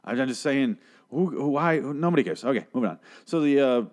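A man's voice: medium pitch, lively intonation, fairly quick, darkish tone. A man giving a casual, rambling episode recap, profane and opinionated, swearing freely. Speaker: TV show recapper.

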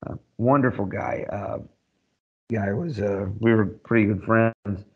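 A man with a lowish voice spins a dry, wry anecdote in casual podcast chat, stopping and restarting as he goes. The sound is muffled and lo-fi, with the top end dulled. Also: measured pace, slightly rough. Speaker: podcast co-host and army veteran.

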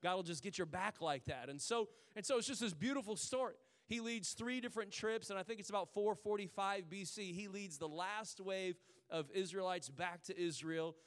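High-voiced pastor in a reverberant hall. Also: male voice, fairly bright tone, smooth. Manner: conversational storytelling, drawn-out emphatic pauses. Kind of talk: sermon.

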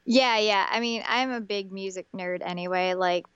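A woman's voice: medium pitch, moderate pace, fairly bright tone, clean tone, no room sound, muffled recording. A young woman co-hosting a podcast, chatting casually with many fillers and restarts. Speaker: podcast co-host. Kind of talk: casual chat.

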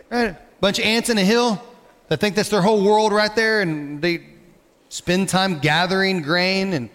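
A man's voice: high voice, a bit bright. Male pastor preaching in a reverberant hall. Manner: conversational, asks the congregation questions. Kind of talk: sermon. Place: church sanctuary.

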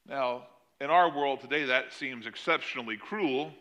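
A middle-aged man preaching a sermon, telling the story with animated swings between loud emphasis and quiet asides. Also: mid-range voice, normal speed, muffled recording. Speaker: pastor.

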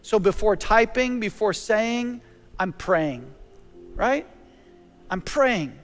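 A man's voice: sits high, animated, slow. A man preaching a sermon with passion, moving between teaching and prayer. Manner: impassioned preaching, shifting into prayer. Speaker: pastor. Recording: long reverb with faint music.

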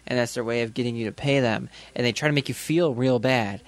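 A young man in easy podcast banter who tells stories with lots of life, his pitch swinging up and down as he acts out each person. His voice sits in the middle register, neither deep nor high. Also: fast, no echo. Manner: animated storyteller, acts out the people in his stories. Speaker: podcast co-host. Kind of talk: casual chat.

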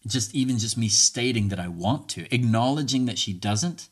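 Here the podcast host speaks in a mid-range voice with lively intonation, a moderate pace and a breathy edge. His casual talk on communication is earnest and coaching, with phrases repeated for listeners to echo.

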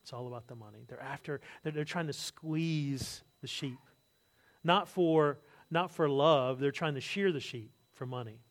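A man preaching a sermon, telling stories with lively asides and jokes, acting out other people's words. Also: fairly high pitch, a little slow. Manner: animated storytelling, acts out quotes, asides and jokes. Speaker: pastor.

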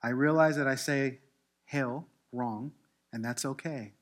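A man preaching a sermon as pastor, mixing relaxed asides with forceful scripture reading. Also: medium pitch, normal speed. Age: adult. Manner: reads scripture aloud with rising force; conversational asides with self-deprecating humor.

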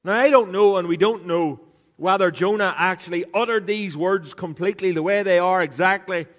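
A man's voice: high-pitched, moderate pace, a bit bright. A man preaching a sermon on a microphone, conversational and joking, teasing people in the congregation as he talks. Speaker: pastor. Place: church hall. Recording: reverberant hall sound.

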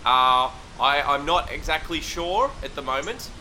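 A man's voice: fairly high pitch, lively intonation, unhurried, pushed and bright, slight background noise, heavily acted, rough recording. A man playing a bumbling field reporter who rambles and hesitates with lots of uh and um. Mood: befuddled.

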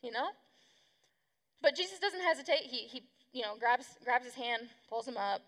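Woman youth pastor, high gravelly voice, casual sermon, reverberant hall. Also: lively intonation, moderate pace, a bit bright. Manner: chatty, slangy, acts out quotes.

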